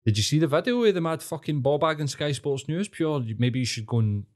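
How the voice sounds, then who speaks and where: A Scottish man from Glasgow in his thirties, chatting on a podcast. He swears nonstop and works himself up into animated rants. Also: on the high side, a little fast. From Scotland. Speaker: podcast co-host. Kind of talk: casual sweary podcast chat.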